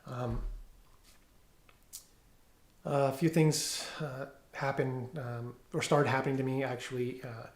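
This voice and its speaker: A middle-aged police officer giving a personal testimony at home, talking haltingly with many fillers and restarts. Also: male voice, medium pitch, little pitch movement, reverberant. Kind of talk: personal testimony, reading from notes. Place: room at home.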